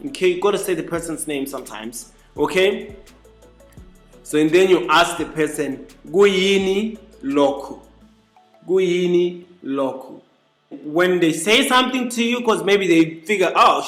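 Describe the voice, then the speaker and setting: A man teaching a casual spoken lesson, repeating each phrase slowly and adding chatty asides. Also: a little high, fairly bright tone. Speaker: language teacher. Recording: echoey room with faint music.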